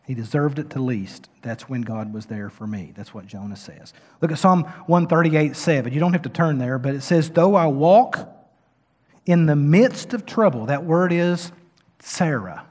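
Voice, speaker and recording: A pastor delivering a sermon, his somewhat high male voice swelling from hushed, reflective asides into loud, emphatic climaxes. The sound carries a long reverb tail, like a large church hall. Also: expressive, moderate pace. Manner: impassioned preaching, building to loud emphatic peaks.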